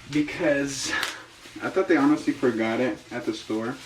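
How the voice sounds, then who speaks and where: A young man with a medium-pitched voice chats at a moderate pace through a cooking vlog, joking, rambling and amusing himself. He's recorded on a camera mic in his echoey home kitchen, with frying and sizzling going on behind him.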